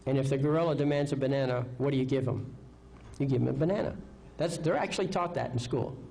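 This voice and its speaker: A man's voice: medium pitch, fast talker, vocal fry, dark tone, low-quality recording. A man giving a live seminar lecture, confident, asking rhetorical questions and checking in with "okay?". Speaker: seminar speaker.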